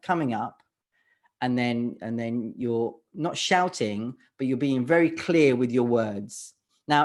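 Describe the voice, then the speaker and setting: Halting male voice coach teaching online. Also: medium pitch. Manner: halting, restarts words, pauses to ask the audience. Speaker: presenting coach. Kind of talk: online workshop lecture. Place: home office on a video call. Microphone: webcam or desk mic on a video call.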